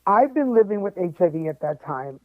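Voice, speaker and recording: A man with a high voice tells a personal story as a podcast guest, animated and quick to joke. The sound is thin and phone-like, with a dry, close feel. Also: no echo. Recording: tinny phone-like line, dry.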